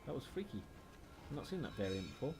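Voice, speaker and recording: A man's voice: medium pitch, sing-song, fast, creaky, noisy background. A man with a British accent tinged with Welsh, chatting and swearing his way through a horror game on a live stream. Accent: British, slightly Welsh. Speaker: gaming streamer.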